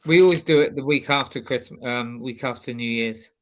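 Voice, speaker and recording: A man's voice: medium pitch, fairly quick, fairly bright tone, a little hiss or hum. A man with a Bristolian accent co-hosting a casual chat, talking hesitantly with many restarts. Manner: hesitant, full of ums and restarts.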